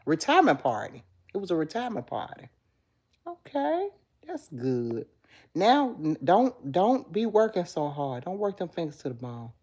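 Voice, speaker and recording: Chatty woman with a low, mellow voice. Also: sing-song, normal speed, breathy edge. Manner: chatty, affectionate, answers viewer comments. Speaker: livestream host. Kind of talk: casual live chat with viewers.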